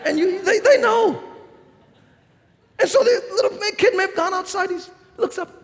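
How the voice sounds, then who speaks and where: A man with a New York accent preaches to a large auditorium, his voice pitched unusually high with a gravelly edge. He tells stories animatedly, laughing and shouting the punchlines, and his words ring out with a long reverb. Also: normal speed, a faint crowd. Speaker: pastor. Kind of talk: sermon.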